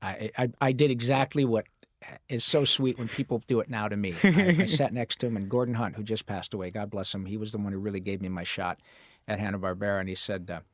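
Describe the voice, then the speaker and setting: A man, a guest voice actor in a podcast interview, telling lively stories and slipping into character voices now and then. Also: lowish voice, quick pace, no room sound. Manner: animated storyteller who slips into character voices. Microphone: studio microphone.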